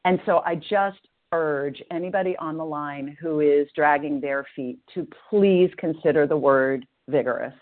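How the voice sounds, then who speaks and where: Thoughtful personal reflections alternate with book passages read aloud by a middle-aged speaker at a recovery meeting. The voice is earnest and measured, sitting at a middle pitch, and comes through a thin, tinny phone line.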